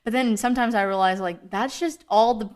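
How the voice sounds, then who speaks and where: A woman's voice: on the high side, brisk, darkish tone. A young woman hosting a faith podcast, talking in an earnest, rambling way with lots of fillers. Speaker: podcast host. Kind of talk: casual faith podcast chat.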